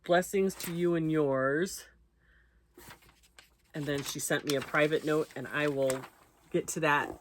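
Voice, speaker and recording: A woman's voice: low-pitched, fairly even intonation, a little slow, long pauses, slight background noise. A woman hosting a crochet channel, chatting casually as she opens mail, reading out notes and thanking the senders. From United States. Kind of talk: casual unboxing chat.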